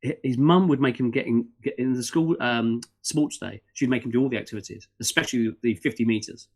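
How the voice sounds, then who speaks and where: A middle-aged podcast guest with a mid-range voice talks a little fast during a casual interview. His speech comes in animated, rambling spurts, with plenty of restarts and fillers.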